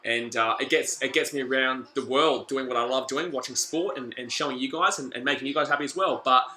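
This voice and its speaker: An excitable man with an Australian accent, from the Gold Coast, hosting a live sports watch-along, chatting to viewers and repeating himself as he reacts to the play. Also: medium pitch, fairly quick, reverberant. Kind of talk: live-stream sports commentary and chat with viewers.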